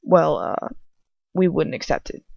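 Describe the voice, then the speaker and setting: A woman reading aloud and voicing an earnest young male wizard in a plain lowered voice, a loyal friend. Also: very animated, unhurried, vocal fry, a little mellow, dry recording, muffled recording, exaggerated voice. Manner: reads him in a lowered, plain voice.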